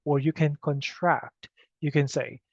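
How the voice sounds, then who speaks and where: Teaching English grammar at a slow, patient pace, a man keeps checking in with "okay?" His slightly high voice is steady and darkish with vocal fry, on a dull, dry recording without echo.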